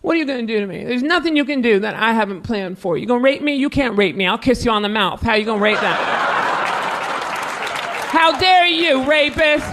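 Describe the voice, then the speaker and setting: A man doing a brash stand-up set, shouting his punchlines, recorded live in a comedy club. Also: extremely high pitch, animated, brisk. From New York. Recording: live club with crowd noise.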